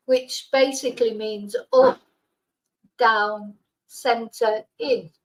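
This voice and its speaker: A woman's voice: fairly high pitch, animated, slow, poor audio. A woman hosting a casual live stream, chatting with viewers and soothing her dog. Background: faint fireworks.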